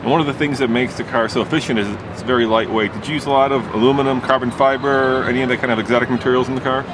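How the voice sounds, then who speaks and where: Man, car show host, fast direct questions, outdoor noise. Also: medium pitch, steady tone. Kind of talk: interview questions.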